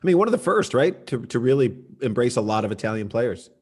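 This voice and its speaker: A man hosting a podcast, joking and energetic, talking loosely with lots of filler words. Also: mid-range voice, fast, slightly rough. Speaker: podcast host. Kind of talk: casual interview chat.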